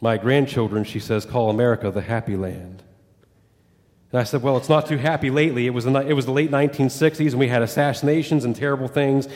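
A man's voice: mid-range voice, steady tone, fast talker, darkish tone, long reverb tail. A pastor telling a story in a sermon, voicing quoted dialogue as he goes. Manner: retells a story with quoted dialogue, rising and falling with it.

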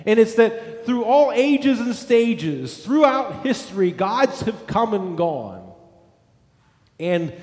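A man's voice: a little high, a little mellow, echoey room, in a large hall. A male pastor preaching a sermon, emphatic, building points through repeated lists.

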